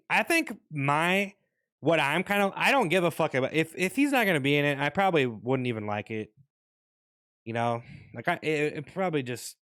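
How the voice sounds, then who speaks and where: A man's voice: medium pitch, a bit bright, clear, resonant tone, no echo, studio quality. Profane rambling young man vlogger. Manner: rambling, profane, restarts often. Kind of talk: casual rant.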